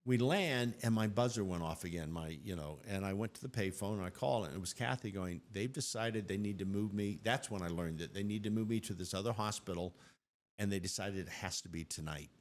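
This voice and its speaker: Older man, interview guest, lowish voice, animated storytelling. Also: fairly quick. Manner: animated, acts out quotes in his story.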